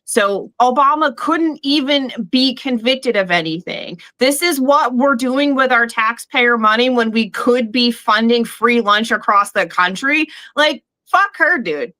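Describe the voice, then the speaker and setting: Blunt, bright-voiced young woman. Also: on the high side, expressive, measured pace, hardly any pauses. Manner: blunt, profane, dismissive. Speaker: panelist. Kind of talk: casual political chat.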